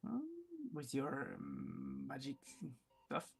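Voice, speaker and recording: A man playing his character in a tabletop game, talking haltingly and thinking aloud. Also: medium pitch, big pitch swings, gravelly, breathy edge. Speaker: player. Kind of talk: in-character tabletop role-play.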